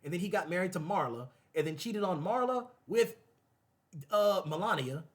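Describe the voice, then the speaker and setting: Male host, higher pitch, animated repetitive commentary. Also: normal speed. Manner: animated, repetitive, laughing asides. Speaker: show host. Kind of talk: casual commentary to camera.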